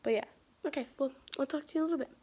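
A woman's voice: sits high, racing, dark tone. Chatty young woman vlogging on a phone. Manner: rambling, chatty, full of fillers. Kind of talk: casual vlog chat. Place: outdoors on a porch at night. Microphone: phone camera.

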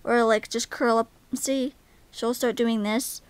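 A woman's voice: a little high, steady tone, measured pace, clear, resonant tone. A young woman vlogging casually, rambling with lots of "like" and "um". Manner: rambling, many "like" and "um" fillers; gushing baby talk to pets. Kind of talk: casual vlog chat.

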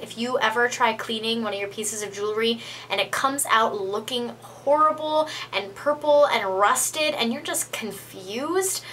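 A woman's voice: on the high side, pushed and bright, slight background noise. A young woman telling a rambling, playful story in a casual favorites vlog, full of "like" and dramatic emphasis. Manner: chatty, rambling storyteller with lots of "like". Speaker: beauty vlogger.

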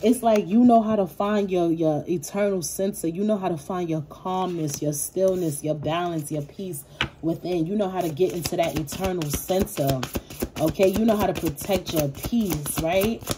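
A woman reads tarot informally, addressing viewers directly and affectionately with street slang, profanity and rambling asides. Her voice is fairly low and moderately paced, with background noise present.

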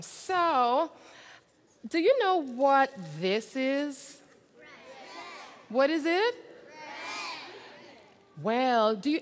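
A woman telling a story to children during a church service, animated and often quizzing the kids. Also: a little high. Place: church sanctuary. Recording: reverberant church hall.

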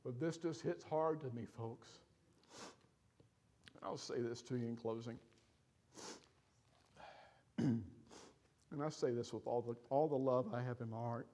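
A man in the middle of his register delivers an emotional sermon from the pulpit, pleading and then pressing hard with loud, emphatic appeals. His voice rings out through a church with a long reverb tail. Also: medium pitch, measured pace, pauses often. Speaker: pastor. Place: church sanctuary.

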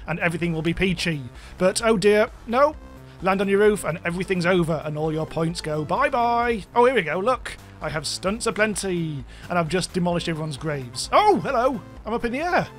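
Excitable high-voiced Englishman. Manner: exclamatory, yelps and swears at the game. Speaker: gameplay video host. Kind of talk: excitable game commentary.

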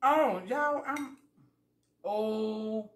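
A woman with a voice on the high side draws out her words as she eats and chats casually with viewers. The sound is roomy, and her folksy stories include her acting out both sides of conversations.

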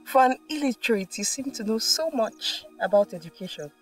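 A woman's voice: fairly high pitch, lively intonation, a little fast, natural voice. A young Nigerian woman acting in a film drama as a dismissive university student, snapping off mocking retorts. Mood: scornful. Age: young adult. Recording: distant mic with faint music.

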